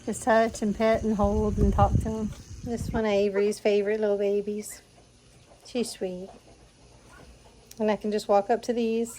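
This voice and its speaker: A woman with a Southern US accent talking casually for a farm vlog, often slipping into soft baby talk with her animals outdoors. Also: mid-range voice, slight background noise. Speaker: farm vlogger. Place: outdoors on a farm with goats and chickens.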